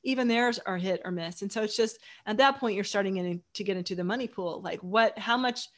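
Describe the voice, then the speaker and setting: A woman's voice: medium pitch, fairly quick. A woman author as a guest, chatting casually and enthusiastically in long run-on sentences. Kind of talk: casual chat.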